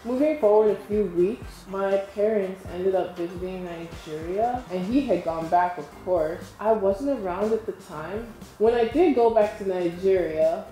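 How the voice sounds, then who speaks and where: A woman's voice: medium pitch, measured pace, hardly any pauses, mellow, faint music behind. A woman in her twenties telling a story to her camera in a chatty way, with laughing asides to viewers. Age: 20s. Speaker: storytime vlogger. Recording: echoey room with faint hiss.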